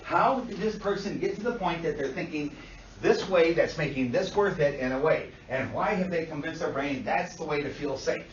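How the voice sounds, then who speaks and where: A man lectures a class in a blunt, lively way, swearing freely and slipping into the voices of clients. His voice sits a little high for a man. The recording picks him up from a distance in an echoey classroom, with a dull, lo-fi sound and a faint hiss. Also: normal speed. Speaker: instructor.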